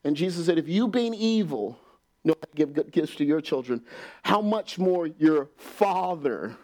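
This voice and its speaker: A man preaching a sermon in a church, animated and laughing often, acting out quotes and dropping to a whisper at times. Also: a little high, measured pace.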